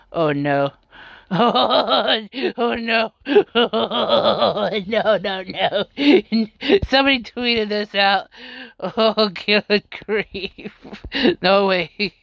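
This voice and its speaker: A woman's voice: medium pitch, drawn-out words, gravelly, fairly bright tone, dry recording. A woman hosting a podcast, reading out tweets in casual chat and laughing often in amused disbelief. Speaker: podcast host.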